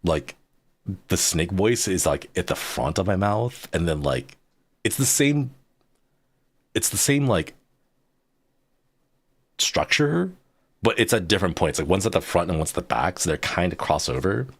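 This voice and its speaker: A man streaming a story game live, chatting excitedly with his viewers and reacting to the plot. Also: deep voice, a little slow, long pauses, slightly rough, no room sound. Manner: excitable and chatty, talks to chat while reading game lines.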